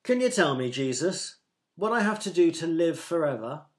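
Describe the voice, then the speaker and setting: A man's voice: on the high side, sing-song, normal speed. A man voicing a sly grown man in a crowd who asks probing questions to trick the teacher.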